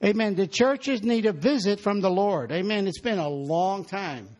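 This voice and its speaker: A man's voice: high voice, normal speed, darkish tone. A man preaching a sermon in a church, exhorting the congregation and calling for their responses.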